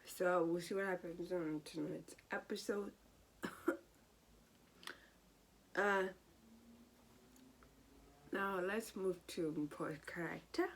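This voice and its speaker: A woman giving a casual, animated and exasperated recap of a soap opera episode. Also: on the low side, slow, long pauses.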